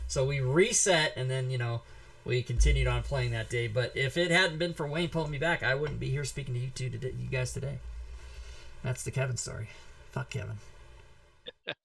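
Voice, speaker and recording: Animated, profane male show host. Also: mid-range voice, a little fast. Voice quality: animated, profane, shouts when reenacting. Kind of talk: casual storytelling and giveaway.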